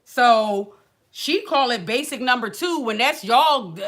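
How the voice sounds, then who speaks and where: Brief: woman livestream host, bright tone, chatty venting with lots of acted quotes. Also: on the high side, slow. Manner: animated, colloquial storytelling with acted quotes and sighs. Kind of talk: casual chat, venting story.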